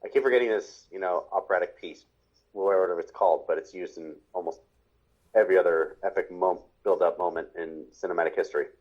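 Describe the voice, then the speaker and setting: Low-voiced man, chatty, muffled recording. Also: fast talker. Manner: rambling, laughs along, lots of fillers. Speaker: podcast co-host. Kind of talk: casual chat commenting on cartoons.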